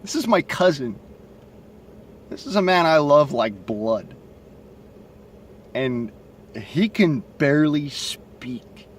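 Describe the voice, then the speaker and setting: A man's voice: on the high side, animated, slow pace, pauses often, slight background noise. A man with a Southern accent and a stutter, talking bluntly and profanely into his cell phone in a rambling monologue. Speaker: vlogger. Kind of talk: casual monologue to camera.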